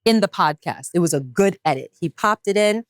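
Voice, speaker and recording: A woman co-hosting a podcast in casual chat, expressive and quick to laugh. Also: fairly low pitch, dry recording, studio quality. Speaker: podcast co-host.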